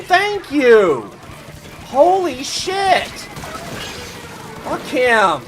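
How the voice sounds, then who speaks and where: Profane, high-voiced man streaming a game. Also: big pitch swings, extremely slow, long pauses, faint music behind. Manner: profane, swings from furious yelling to low rambling chat. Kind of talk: live gameplay commentary.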